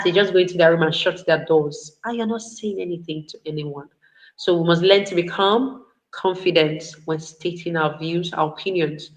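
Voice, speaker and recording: A woman's voice: fairly low pitch, poor audio. A woman giving a parenting talk in an earnest, instructive way, repeating key points. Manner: earnest, repetitive instructive delivery. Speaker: parenting speaker.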